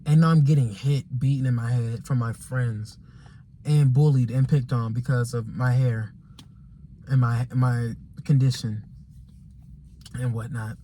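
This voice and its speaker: A man's voice: mid-range voice, fairly even intonation, measured pace, long pauses, mellow, slight background noise. A young man vlogging a casual storytime monologue, rambling and repeating himself with exasperation and slang.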